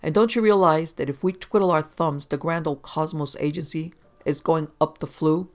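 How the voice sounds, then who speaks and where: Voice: medium pitch, fairly even intonation, normal speed, close to an everyday voice. A reader doing a cocky private eye. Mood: offhand. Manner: offhand, cocky. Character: brash offhand male private detective. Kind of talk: audiobook reading.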